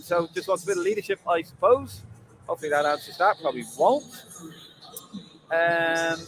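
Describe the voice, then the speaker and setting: A man's voice: fairly high pitch, fairly bright tone, low-quality recording. An Irish man hosting a live football fan stream from a stadium, chatting and bantering with viewers' comments. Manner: chatty, jokey banter, frequent fillers. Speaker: football fan livestream host. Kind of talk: casual live chat reading viewer comments.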